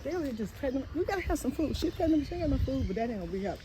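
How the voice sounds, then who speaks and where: A middle-aged woman, excitable and laughing as she chats at an outdoor wildlife park. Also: sits high, rapid-fire. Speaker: vlogger's mother. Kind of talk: casual chat. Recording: loud outdoor background noise.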